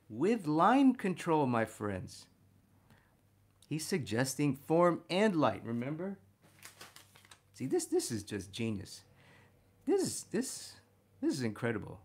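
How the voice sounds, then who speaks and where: A man teaching a figure drawing lesson as he sketches, talking warmly to viewers as "my friends" and getting excited about the details he spots. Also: on the high side, breathy edge. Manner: enthusiastic, talks to "my friends" while drawing. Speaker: art instructor.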